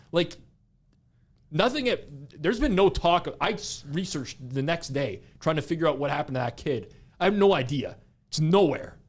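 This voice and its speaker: A young man co-hosting a podcast, talking in a casual, animated, rambling way and filling his speech with "like". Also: fairly high pitch. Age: young adult. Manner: animated, rambling, heavy use of "like". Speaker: podcast co-host. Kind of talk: casual chat.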